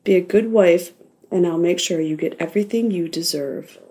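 A woman's voice: lowish voice, normal speed, dark tone, lightly acted. A woman playing a sleazy, menacing male manager. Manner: smug, threatening, coaxing.

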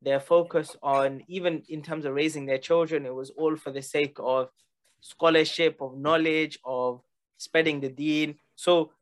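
A man hosting an Islamic talk show, relaxed and a little hesitant, with fillers between his thoughts. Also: on the high side, a little slow. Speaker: host.

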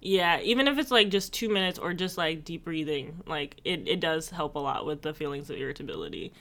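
A woman's voice: sits low, lively intonation, fairly quick, bright, forceful tone. A woman in casual chat, playfully teasing her friend and acting out little scenes. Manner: teasing, playful, dramatic asides.

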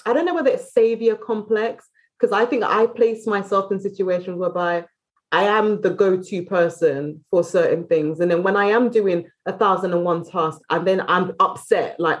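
A British woman speaking as a podcast guest in a candid, casual chat, talking openly and quickly and often restarting her phrases. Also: medium pitch, lo-fi sound. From Britain.

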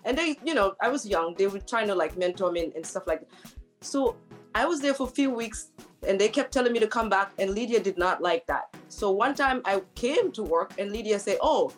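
A woman's voice: medium pitch, lively intonation, brisk, faint music behind. A woman co-hosting a talk show, telling stories in a chatty way and laughing often. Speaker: co-host. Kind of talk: casual chat.

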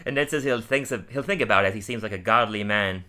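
A man casually recapping a cartoon episode on a podcast, laughing often and briefly acting out characters' lines. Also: fairly low pitch. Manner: animated, laughs often, acts out lines in quick voices. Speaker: podcast co-host.

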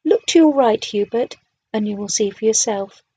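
A woman voicing a kind woman who gently guides her animal friends, in a storybook reading. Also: fairly high pitch, expressive, normal speed, slightly rough, low-quality recording. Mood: explaining. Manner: gentle, encouraging.

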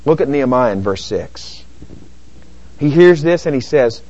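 A middle-aged male pastor preaching a sermon in an animated way, acting out both sides of everyday arguments. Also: fairly high pitch, normal speed. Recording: dull lo-fi sermon recording.

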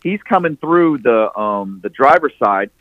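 A man's voice: medium pitch, animated, unhurried, no echo, narrow, tinny audio. A man guest on a podcast telling a long story casually, profane and restarting often.

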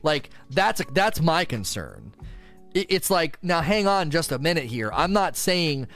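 A man streaming casual gaming commentary, answering community questions in an animated, exasperated rant with frequent repetitions. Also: on the high side, a little slow, faint music behind.

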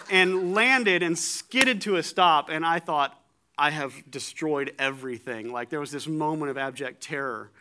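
Male preacher, conversational sermon, slightly high, bright forceful tone, self-deprecating humor. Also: clean tone. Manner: animated, joking, self-deprecating; repeats words when starting thoughts.

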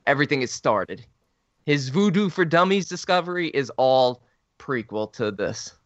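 Man, eager film chat, explains plot in detail, mid-pitched voice, dry close sound, slightly dull audio. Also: expressive, normal speed, a bit bright, no room sound. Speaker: podcast co-host. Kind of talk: casual film discussion.

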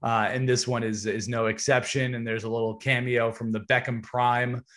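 Podcast co-host, adult man, mid pitch, easygoing, enthusiastic music fan. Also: flat delivery, moderate pace, a bit bright. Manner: enthusiastic, joking. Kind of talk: casual chat.

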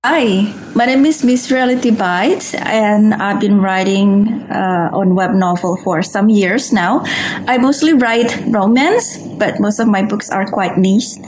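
A woman, an author co-hosting a seminar, introduces herself in a relaxed, plain-spoken way. She speaks slowly at a middling pitch, over faint noise behind her. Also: poor audio. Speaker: author, co-host. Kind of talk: casual self-introduction.

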